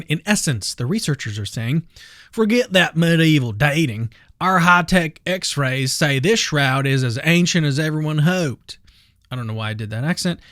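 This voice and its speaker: A man's voice: mid-range voice, no echo, clean studio sound. A man hosting a channel, reading a paper summary aloud in a casual commentary style, with self-deprecating asides. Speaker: channel host.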